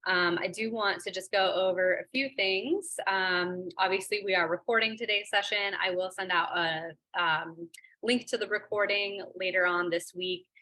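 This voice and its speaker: A woman's voice: mid-range voice, steady tone, normal speed, pushed and bright. A woman hosting a business webinar, opening the session in a friendly way with many filler ums, over a video call. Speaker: webinar host. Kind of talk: webinar introduction.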